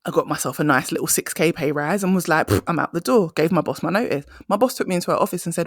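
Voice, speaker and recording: A woman's voice: fairly low pitch, very fast, dry recording, clean studio sound. A young adult woman hosting a solo career-coaching podcast, telling stories with emphatic conversational energy.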